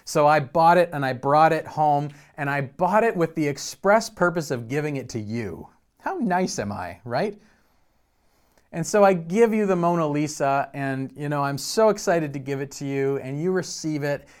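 A man's voice: fairly high pitch, expressive, moderate pace, clear, resonant tone. Man teaching a conversational sermon. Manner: conversational teaching, frequent restarts and repeated words. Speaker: pastor.

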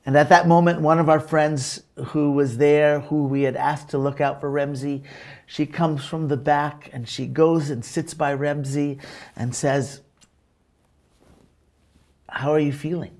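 Slow, earnest male preacher. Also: a little high, level tone, darkish tone. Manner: unhurried, earnest, pauses with fillers and restarts; engages remote listeners to repeat words. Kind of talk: sermon with storytelling.

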